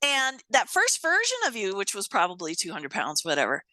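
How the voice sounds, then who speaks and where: A woman telling a story in an animated way, swearing casually and acting out the voices of people she quotes. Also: medium pitch, a little fast, no room sound. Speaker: guest.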